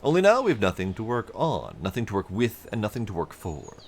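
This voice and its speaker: A man's voice: on the low side, huge pitch swings, fairly quick, a little hiss or hum. A man voicing a friendly, chatty male bridge construction supervisor in a game, reading the lines in a raised, courteous, slightly theatrical voice.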